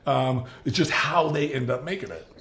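A middle-aged man hosting a podcast, talking earnestly in a halting way with many restarts and laughs. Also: medium pitch, fairly bright tone, roomy sound, a little hiss or hum. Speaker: podcast host. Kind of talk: casual interview chat.

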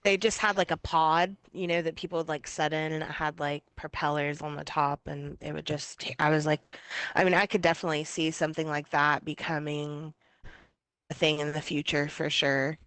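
A woman's voice: sits low, flat delivery, moderate pace, fairly bright tone. A woman co-hosting a casual podcast, echoing the others and chiming in with her own stories. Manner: echoes the others, easy laughter. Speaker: podcast co-host. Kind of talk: casual chat.

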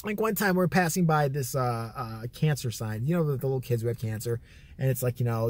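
A man's voice: mid-range voice, fairly quick, a little mellow. A man vlogging, telling crude comic stories in a rambling, profane way that keeps correcting itself. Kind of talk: comic storytelling.

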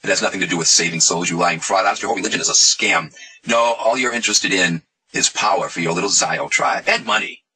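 A man's voice: low-pitched, fast talker, pushed and bright, husky, rough recording. A man hosting a casual monologue video, talking in a sarcastic, mocking way. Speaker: video host.

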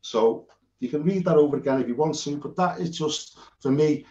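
In a dull, roomy lo-fi recording, a British Bible teacher rambles earnestly through an informal lesson with notes on screen, frequently starting sentences over. He speaks at a moderate pace in a slightly high, mellow voice.

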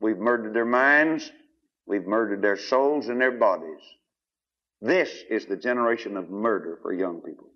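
Emphatic preacher, lo-fi recording. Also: male voice, moderate pace. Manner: emphatic, questioning the congregation, wide swings in pitch and loudness. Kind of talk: sermon. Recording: dull lo-fi archive recording.

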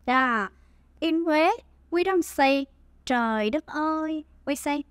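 Woman, Vietnamese accent, scripted language lesson, dry close recording, slow careful phrasing. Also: high voice, animated, no room sound. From Huế, Vietnam. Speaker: language teacher.

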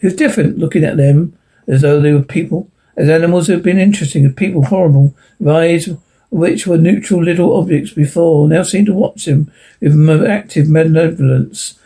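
A man's voice: on the high side, fairly quick, warm tone, slightly rough, rough recording. A man reading a short story aloud, often slipping on a word and correcting himself. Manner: frequent slips and self-corrections. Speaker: narrator.

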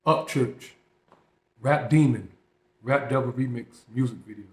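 A man's voice: medium pitch, unhurried. A man hosting a reaction video, talking casually and emphatically to viewers with plenty of slang. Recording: echoey room.

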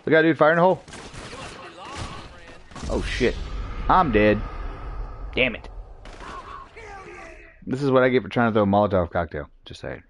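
A man's voice: medium pitch, animated, moderate pace, long pauses, a little hiss or hum. A man streaming an online shooter game, joking, swearing and talking to himself and his teammates as he plays. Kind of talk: live gameplay commentary.

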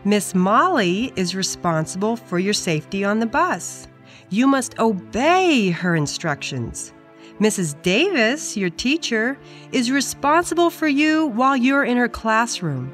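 A woman voicing a gentle, patient mother in a children's story, explaining in a soothing, instructive way. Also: on the high side, sing-song, unhurried, faint music behind. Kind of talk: storybook character voice.

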